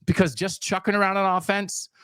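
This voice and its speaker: A man's voice: high-pitched, level tone, brisk, fairly bright tone, clear, resonant tone, no room sound. A man co-hosting a sports podcast, making emphatic points in long, piled-up lists. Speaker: podcast co-host.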